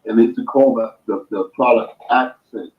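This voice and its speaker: A man talking as a boxing guest in a casual chat, making his points slowly and emphatically with homespun sayings. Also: mid-range voice, lo-fi sound. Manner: slow emphatic explaining, makes points with sayings.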